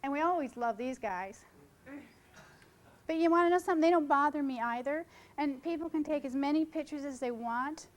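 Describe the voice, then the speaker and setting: A woman's voice: high voice, moderate pace, low-quality recording. Chatty woman teaching wedding photography. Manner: chatty, jumps between topics, jokes with audience. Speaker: wedding photographer giving a seminar. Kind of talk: informal seminar talk to photographers. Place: conference room.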